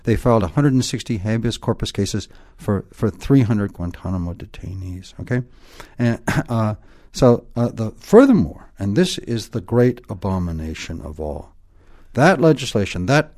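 A man's voice: lowish voice, big pitch swings, normal speed, mellow. A man explaining points emphatically in an interview, lecturing and often tagging points with "okay?". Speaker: guest expert.

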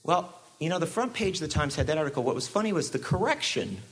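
A man giving a public talk with sarcastic, animated delivery and frequent asides. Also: a little high, fast, husky. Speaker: speaker.

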